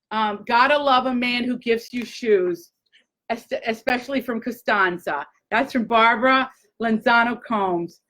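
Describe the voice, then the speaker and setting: A woman hosting a casual live chat, gushing and excitable, talking straight to her viewers. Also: a little high, slow, low-quality recording. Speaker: host.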